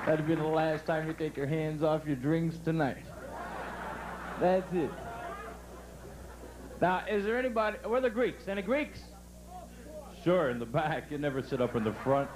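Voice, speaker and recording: A brash male comedian working a live crowd from a resort club stage. His voice sits fairly high, with punchy delivery. A faint hum lies under the stage microphone. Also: moderate pace, pauses often. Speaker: stand-up comedian.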